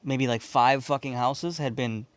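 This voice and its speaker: A man's voice: mid-range voice, a little slow, dry recording. A man from Chicago hosting a podcast, telling a story casually and profanely, rambling and laughing as he goes. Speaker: podcast host.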